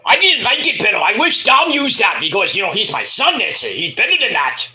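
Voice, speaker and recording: A man's voice: sits high, wildly swooping pitch, brisk, sharp tone, echoey room, exaggerated voice. A man doing a playful impression of a boastful wrestler father bragging about his son. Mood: cocky.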